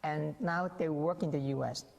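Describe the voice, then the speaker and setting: A man's voice: on the high side, fairly even intonation, moderate pace, creaky, darkish tone, highs cut off. A man speaking as a guest on a TV interview, explaining his views earnestly with many repeated words and restarts. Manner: earnest, repetitive, frequent restarts and stammered words. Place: TV studio. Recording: reverberant TV studio sound.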